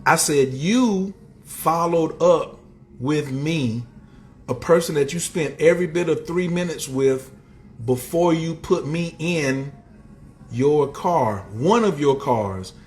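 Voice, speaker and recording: A man's voice: takes it slowly, slight background noise. A man hosting a casual motivational livestream, talking in streetwise slang and greeting viewers in the chat. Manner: animated, swings up and down in pitch. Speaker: livestream host and motivational speaker.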